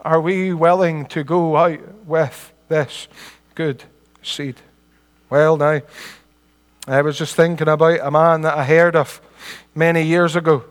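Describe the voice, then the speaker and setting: A man's voice: fairly high pitch, steady tone, slow, long pauses, smooth, big-room sound. A middle-aged man with a Scottish accent preaching a sermon in an earnest, homely way, building to emphatic peaks.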